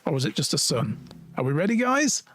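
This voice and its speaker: A man's voice: on the high side, sing-song, fairly quick, fairly bright tone. Rowdy man streaming a game. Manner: rowdy, joking, swearing. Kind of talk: live gameplay commentary.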